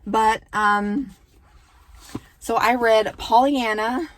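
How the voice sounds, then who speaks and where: A woman's voice: a little high, steady tone, extremely slow, a little hiss or hum. A woman, chatting casually about books she read and gushing over them with lots of filler words. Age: 30s. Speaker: book vlogger and mother. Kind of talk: casual book review chat.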